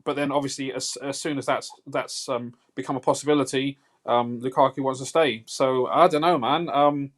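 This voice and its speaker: A man's voice: mid-range voice, fairly even intonation, moderate pace, few pauses. A man calling in to a live show, talking football in a thoughtful way with many fillers. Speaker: caller. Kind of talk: casual call-in chat.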